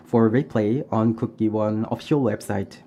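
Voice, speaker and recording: A man giving a live English interpretation of a formal debate, pausing often with "uh". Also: on the low side, fairly even intonation, mellow, slight background noise. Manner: halting, with frequent "uh" pauses.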